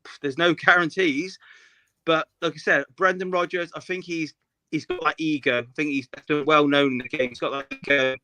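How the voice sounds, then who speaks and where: A man's voice: a little high, steady tone, normal speed, pushed and bright, dry recording. A man, co-hosting a casual football chat, opinionated and rambling with many restarts. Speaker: podcast co-host.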